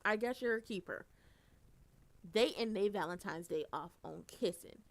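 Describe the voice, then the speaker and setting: A woman giving a casual, animated recap, blunt and profane, and she gets loud for emphasis. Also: mid-range voice, normal speed. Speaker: soap opera recapper.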